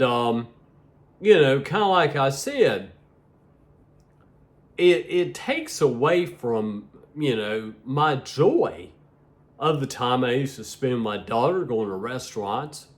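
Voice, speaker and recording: A man's voice: mid-range voice, expressive, slow pace, pauses often. A middle-aged man rambling to his viewers in a casual vlog, sleepy and yawning, often repeating himself. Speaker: vlogger.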